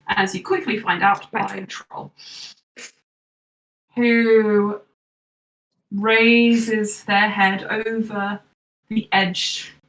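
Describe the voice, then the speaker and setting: A woman narrating as game master of a tabletop game in a relaxed, casual way. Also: medium pitch, vocal fry. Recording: echoey room, far from mic.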